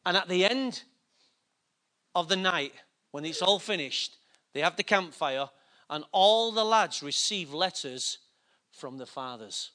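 A man's voice: high voice, animated, a little slow, bright, forceful tone. A middle-aged man preaching a sermon, telling a personal story in a chatty, self-mocking way. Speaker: pastor.

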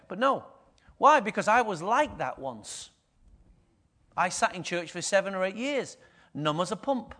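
A man's voice: sits high, sing-song, measured pace, pauses often, pushed and bright. A middle-aged man, preaching a conversational sermon and often asking the congregation questions. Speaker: pastor.

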